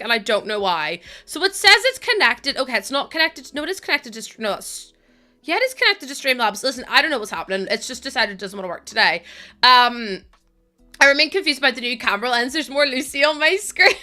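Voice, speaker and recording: A high-pitched young woman talking to her stream chat, worn down yet still giggling. Her voice is bright and light, and her talk jumps around in a loose, scattered way. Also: lively intonation, brisk, soft background music. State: tired. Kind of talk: casual live stream chat.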